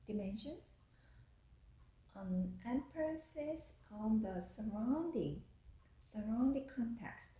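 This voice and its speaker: A university professor with a fairly high, mellow voice gives a recorded lecture slowly and carefully, often stopping to restart a phrase. She sounds unhurried, and the room has a noticeable echo.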